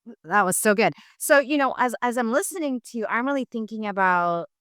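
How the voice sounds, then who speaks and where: A woman's voice: on the high side, lively intonation, brisk, a bit bright, smooth, no room sound, clean studio sound. A woman hosting a casual interview, talking in a rambling way with many fillers as she searches for words.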